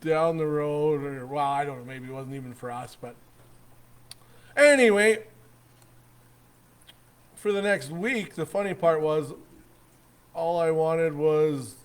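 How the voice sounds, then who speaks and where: A middle-aged man from Canada, hosting his own show and telling a rambling, animated anecdote full of restarts and chuckles. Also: a little high, takes it slowly, pauses often, clear, resonant tone. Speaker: host. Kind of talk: casual storytelling.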